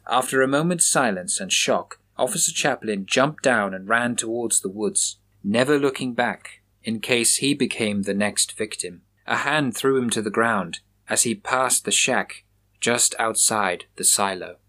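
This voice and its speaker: A man narrates a grisly horror tale at an even, measured pace. His voice is in an ordinary middle range for a man, and it stays plain and steady throughout as a storyteller's read. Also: mid-range voice.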